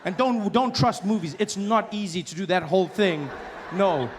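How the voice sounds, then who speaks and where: Man, stand-up comedian, high voice, storytelling, acts out voices, faint background noise. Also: expressive, moderate pace, big-room sound. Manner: storytelling, acts out other people's voices, loud high outbursts.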